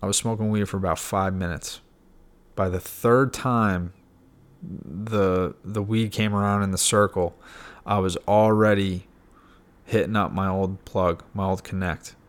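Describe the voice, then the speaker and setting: Young guy with a low voice telling his story straight, lots of uh and you know, pretty blunt. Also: steady tone, a little slow. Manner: casual and frank, with frequent fillers and mild swearing. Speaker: podcast guest sharing his recovery story. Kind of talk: candid personal storytelling.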